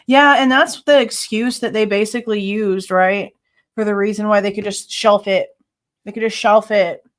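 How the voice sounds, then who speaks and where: A woman hosting a casual livestream, chatting with viewers and greeting them by name, laughing often. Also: on the high side. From Ohio. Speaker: livestream host.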